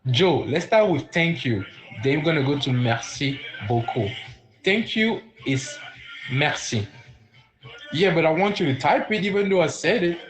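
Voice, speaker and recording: A man teaching a live-streamed beginner French lesson, repeating words slowly and chatting with viewers in the comments. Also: fairly high pitch, expressive, faint music behind, poor audio.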